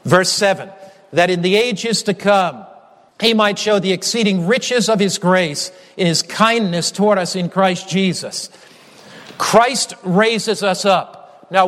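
A male preacher with a high voice delivers a measured, emphatic sermon. He builds his points through repeated refrains. Long reverb trails his phrases in a large hall. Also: a bit bright.

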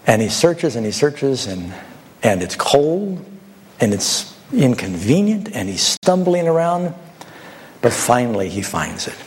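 A male preacher delivers a sermon in a lively, storytelling way, his voice jumping up for questions and quoted lines. His pitch sits in an ordinary middle range. A faint hiss of noise runs under the church recording. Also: a little slow. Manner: animated storytelling with rhetorical questions and acted-out quotes.

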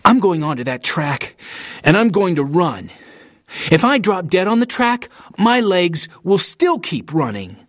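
A man voicing a hot-tempered teenage boy runner who yells indignantly, nervous and defiant. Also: sits high, big pitch swings, a little slow, no room sound, clean studio sound, voice pushed up, heavily acted. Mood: angry, defiant. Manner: yelling, indignant.

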